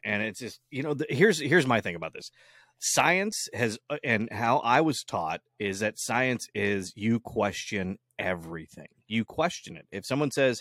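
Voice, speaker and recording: A man's voice: lowish voice, lively intonation, normal speed, a bit bright, no room sound, studio quality. A man hosting a casual chat show, crude and emphatic, rambling through his opinions.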